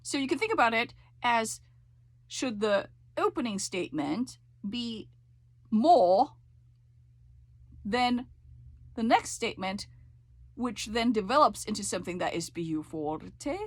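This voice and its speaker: A woman's voice: on the high side, expressive, takes it slowly, pauses often, no echo. A woman teaching a voice lesson, coaching with frequent check-ins and sung demonstrations. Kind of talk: singing lesson explanation.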